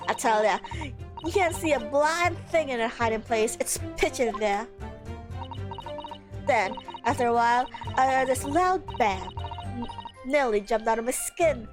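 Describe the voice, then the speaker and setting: A woman's voice: fairly high pitch, animated, a little slow, music in the background. A woman voicing a genial older Irish man who tells his story in a folksy way, with a put-on Irish accent.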